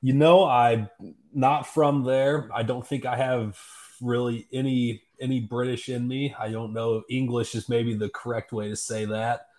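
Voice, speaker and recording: A man co-hosts a podcast in an easygoing, folksy way, often pausing to find his words. His voice sits at an ordinary middle pitch. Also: level tone, a little mellow. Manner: laid-back, hesitant, folksy. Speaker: podcast co-host. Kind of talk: casual sports podcast chat.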